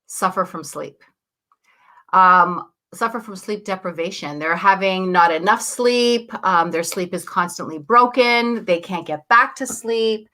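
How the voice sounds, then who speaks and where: Hosting a live morning show, a woman who works as a coach chats in an upbeat way, greeting viewers and often asking "right?" Her mid-range voice is husky from the morning with a sharp tone, and she keeps clearing her throat.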